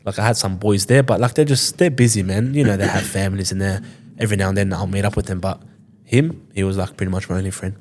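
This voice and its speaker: A man's voice: low-pitched, fairly even intonation, fast, darkish tone, slight background noise. A man in his twenties, a podcast guest telling a story casually, swearing often and acting out what others said. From Sydney, Australia. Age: 20s. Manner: loose, swears often, acts out quoted dialogue.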